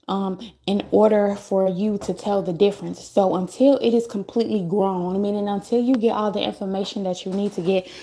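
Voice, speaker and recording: A woman's voice: mid-range voice, dark tone. A woman hosting a casual spiritual livestream, thinking aloud in a musing, repetitive way and often checking in with "okay?" and "right?". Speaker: livestream host giving spiritual messages.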